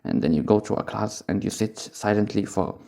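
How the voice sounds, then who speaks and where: Rambling stoned man, low gravelly voice. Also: a little fast, warm tone. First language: Arabic. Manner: rambling, drifting, chuckling. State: high on cannabis. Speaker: English teacher. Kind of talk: casual recorded monologue.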